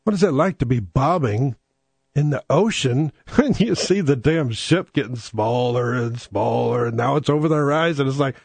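A man's voice: mid-range voice, lively intonation, moderate pace, creaky, darkish tone, breathy edge, no echo. A man hosting a rambling comic monologue, profane and sardonic, digressing as he talks.

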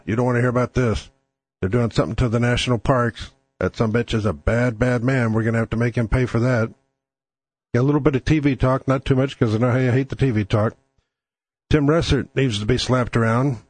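A man's voice: medium pitch, darkish tone, dry recording. A man hosting his own show in a casual monologue, blunt, crude and sardonic, speaking close to the mic. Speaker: podcast host.

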